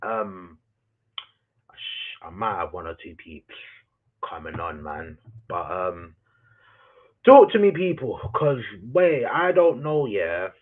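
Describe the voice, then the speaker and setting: A man's voice: low voice, expressive, slow pace. A man ranting about his football team on a live stream, swearing, repeating himself and calling his chat "people.". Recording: tinny phone-like audio.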